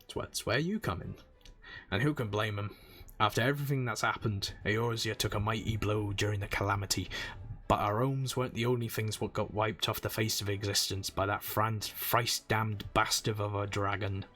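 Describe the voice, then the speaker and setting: A man putting on a gruff seafaring tavern keeper. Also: fairly low pitch, unhurried, a bit bright. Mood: grim. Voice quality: exaggerated rough seafaring brogue. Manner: boisterous, folksy, long-winded. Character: gruff middle-aged male harbor tavern keeper.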